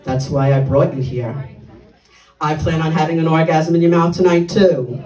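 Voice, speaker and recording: A woman putting on the voice of a smug, crude man on a date, speaking lower than her own voice. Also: moderate pace, mellow, echoey room, recorded from a distance, natural voice, poor audio. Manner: lewd, self-satisfied.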